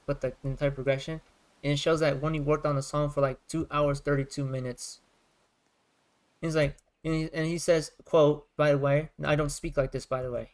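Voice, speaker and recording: Smooth-voiced man rambling casually. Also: fairly high pitch. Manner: rambling, circling back and rephrasing. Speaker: music creator streaming. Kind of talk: casual livestream chat.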